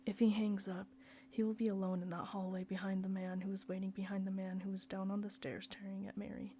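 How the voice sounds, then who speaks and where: A woman reading a novel aloud in a soft, often near-whispered way. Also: medium pitch, flat delivery, brisk, slight background noise. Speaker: reader.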